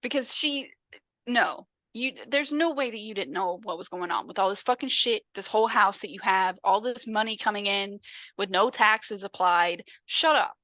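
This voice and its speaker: A woman's voice: mid-range voice, normal speed, no room sound, muffled recording. A woman co-hosting a podcast, casually retelling a film, swearing often and acting out the characters' lines. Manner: swears a lot, animated, acts out quotes. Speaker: podcast co-host.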